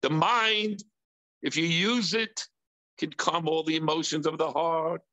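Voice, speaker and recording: A man's voice: steady tone, a little slow, pushed and bright, lo-fi sound. A man preaching a sermon, asking rhetorical questions with emphasis. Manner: acts out impulsive voices in a high whiny pitch. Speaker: rabbi teaching.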